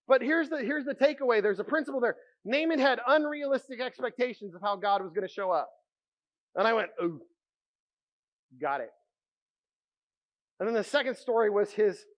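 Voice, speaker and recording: A man preaching a sermon as pastor, telling stories with animated energy and dropping to a hush for quiet moments. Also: sits high, muffled recording. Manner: animated storytelling, drops to a hushed voice for quiet moments.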